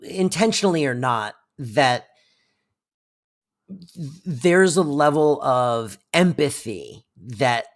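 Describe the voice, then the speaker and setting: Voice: mid-range voice, lively intonation, takes it slowly. A podcast co-host giving a thoughtful, rambling analysis of the show in casual chat. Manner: thoughtful, rambling, many fillers and restarts.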